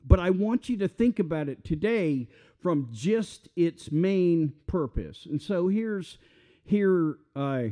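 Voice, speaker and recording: A man's voice: high voice, animated, slow pace, mellow. A man with a Southern US accent, preaching a sermon in a folksy, conversational way with asides. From Mississippi. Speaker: pastor.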